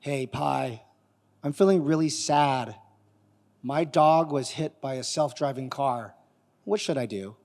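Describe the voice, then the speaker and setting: A man giving a live conference talk, animated and quizzing the audience as he demos technology. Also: mid-range voice, slow pace. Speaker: conference speaker. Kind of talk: live keynote talk with demo. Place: conference hall on stage. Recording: long reverb of a large hall.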